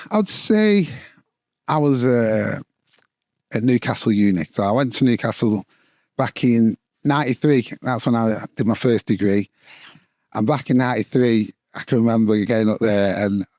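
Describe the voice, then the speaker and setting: Low-voiced Lancashire man, halting. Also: a little mellow, dry recording, clean studio sound. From Blackburn, Lancashire, England. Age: late 40s. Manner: rambling, halting, many fillers. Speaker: guest entrepreneur. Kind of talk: casual podcast interview.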